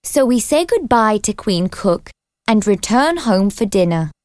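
A woman reading a children's storybook aloud as narrator, clear and expressive. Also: medium pitch, measured pace, no room sound, clean studio sound.

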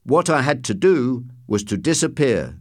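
Man narrating with a lively, dry voice. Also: medium pitch, measured pace, dry recording. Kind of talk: scripted audiobook narration.

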